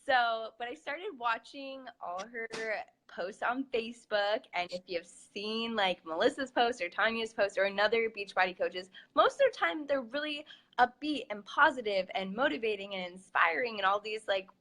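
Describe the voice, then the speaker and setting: A woman's voice: on the high side, moderate pace, sharp tone. A young adult woman, a fitness coach, telling a personal story in a chatty, casual way full of "like" and "um". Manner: chatty, many fillers like "like" and "um".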